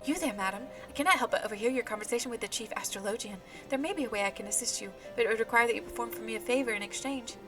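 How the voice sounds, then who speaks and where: A woman's voice: a little high, racing, few pauses, music in the background, lightly acted. A woman reading out a courteous, worried astrologian in her own plain voice. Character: polite, worried astrologian asking a favor.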